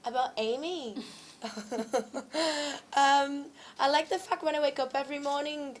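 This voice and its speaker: Her voice is high, fairly even in intonation and brisk. She's a young UK actress answering reporters at a launch event, a bit travel-sick, talkative, laughing a lot and leaning on fillers.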